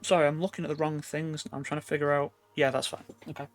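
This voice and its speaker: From his own room at home, a man acts as game master over a voice call, picked up by a computer mic. He talks fast in a slightly high voice with little pitch movement, narrating in a loose, rambling way full of fillers.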